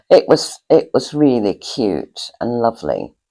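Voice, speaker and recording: A woman's voice: rumbling low, wildly swooping pitch, takes it slowly, mellow, low-quality recording. An older woman hosting a cosy storytelling chat, reminiscing fondly in a rambling, hesitant way with lots of fillers. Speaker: storyteller host.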